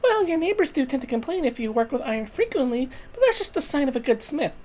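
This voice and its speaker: A man voicing an earnest, curious young woman companion, reading game story lines in a lilting falsetto. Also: very animated, quick pace, darkish tone, slight background noise. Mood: explaining. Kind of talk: fan voicing of a game's story text.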